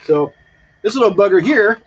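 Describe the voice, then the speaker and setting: A man co-hosting a homebrewing live stream outdoors, telling stories in quick, easygoing casual chat. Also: high voice, animated, dull audio. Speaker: homebrew show co-host. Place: front porch patio, outdoors.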